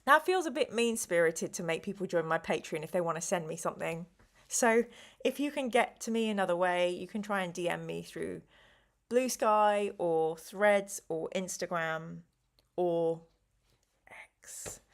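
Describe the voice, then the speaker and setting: A middle-aged woman hosting a live stream, chatting casually and a little slowly because she is tired, with rambling asides and apologies. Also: lowish voice, lively intonation. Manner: slow, rambling, chatty with frequent ums and apologies. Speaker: live stream host running a gamebook play.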